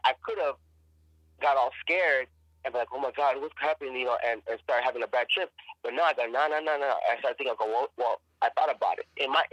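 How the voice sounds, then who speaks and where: A man tells his story in a casual podcast chat, pressing hard on his words and swearing freely. His voice is bright and forceful, and he keeps repeating himself as he finds his way. The sound is dry and close, with no room around it. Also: medium pitch, no echo, rough recording. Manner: emphatic, profane, repeats and restarts words. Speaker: actor and podcast guest.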